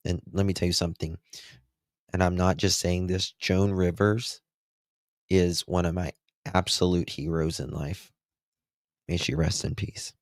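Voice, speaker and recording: A deep-voiced man with a gravelly edge hosts a true crime livestream and talks emphatically to his chat. He speaks unhurriedly, and the sound is dry and close. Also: steady tone, unhurried, pauses often, no echo. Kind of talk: casual livestream commentary.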